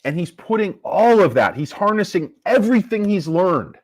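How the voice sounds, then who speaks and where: A man's voice: sits high, big pitch swings, normal speed. A man ranting casually about a stock, combative and profane. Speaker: stock market commentator. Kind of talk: casual investing rant.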